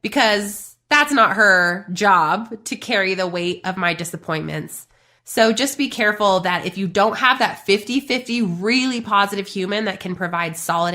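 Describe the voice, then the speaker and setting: A woman in her thirties hosting a faith-based business podcast, talking to listeners in a lively, chatty way. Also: mid-range voice. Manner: animated, chatty, addresses listeners as you guys. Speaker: podcast host.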